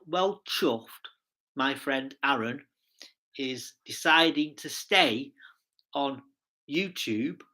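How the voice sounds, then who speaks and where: A man's voice: on the high side, bright, forceful tone. An English man chatting casually on a live stream, rambling cheerfully and talking to his viewers in the chat. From England. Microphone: streaming setup mic.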